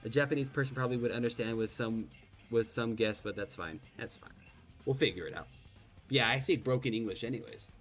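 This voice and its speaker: A man's voice: medium pitch, fairly quick, fairly bright tone, faint music behind. A man from Ireland chatting casually while streaming a game, rambling and self-deprecating, with lots of restarts and swearing.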